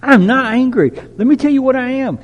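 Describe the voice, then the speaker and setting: A man preaching a sermon, emphatic, dropping to a hush and rising to loud declarations. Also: very high voice, normal speed, big-room sound. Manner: emphatic, swinging from hushed to loud.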